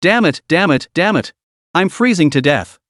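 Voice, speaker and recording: A man's voice: a little high, animated, normal speed, a bit bright, no echo, studio quality. A man voicing a cocky, crude young man who swears his way through trouble. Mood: desperate. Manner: blunt, swearing inner monologue.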